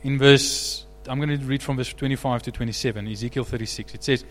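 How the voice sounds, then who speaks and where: A man preaching a sermon as pastor, animated, rising to loud emphatic peaks. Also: medium pitch, quick pace, in a large hall.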